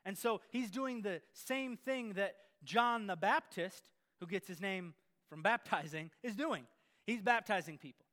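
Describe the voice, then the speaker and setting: High-voiced, energetic male preacher. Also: unhurried. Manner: energetic, playful, sarcastic asides. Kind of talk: sermon.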